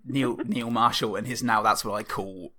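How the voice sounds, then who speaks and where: A man co-hosting a casual podcast, with wry, deadpan remarks. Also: medium pitch, moderate pace. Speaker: podcast co-host. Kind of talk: casual chat.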